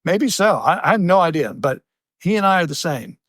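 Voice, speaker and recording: A man co-hosting a casual podcast and reading listener mail, animated, often restarting his sentences and laughing. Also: sits high, moderate pace, dry recording, clean studio sound. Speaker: podcast co-host.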